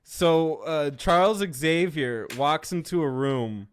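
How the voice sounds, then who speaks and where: A man with a slightly raised voice trades sarcastic remarks about a film. He recaps scenes with a dry, mocking edge and fast interjections. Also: fairly high pitch, expressive, smooth. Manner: wry, sarcastic, quick asides. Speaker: podcast co-host. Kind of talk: casual movie chat.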